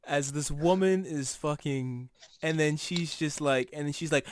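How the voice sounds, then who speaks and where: A young man co-hosting a casual podcast, telling stories in a lively way, laughing and swearing often. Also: fairly high pitch, moderate pace, no room sound. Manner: animated storytelling, swears often, laughs a lot. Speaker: podcast co-host.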